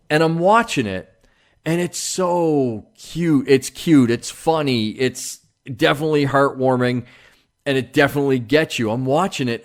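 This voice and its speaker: A man hosting his own podcast, talking casually on his own in a rambling, jokey way with lots of fillers and restarts. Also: mid-range voice. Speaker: podcast host. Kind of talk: casual solo monologue.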